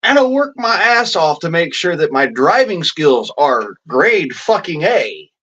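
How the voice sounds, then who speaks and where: A man's voice: fairly high pitch, very animated, measured pace, sharp tone, lo-fi sound. A man ranting in a vlog, swearing constantly in a blunt, rambling way with folksy slang. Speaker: vlogger.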